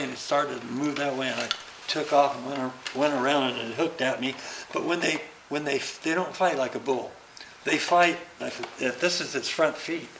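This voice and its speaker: An older man tells an old stunt story with lively, hands-on energy, acting out the beats as he goes. His voice sits in a roomy space, with a faint hiss in the background. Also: mid-range voice. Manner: animated, acts out the action with sounds and laughter. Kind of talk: anecdotal storytelling. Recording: roomy recording.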